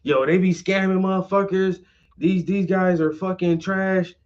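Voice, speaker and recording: A man's voice: high voice, steady tone, measured pace, a little mellow, lo-fi sound, voice pushed up. A man voicing a blunt, profane woman who is fed up with parking scams, told as a story in a vlog. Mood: indignant.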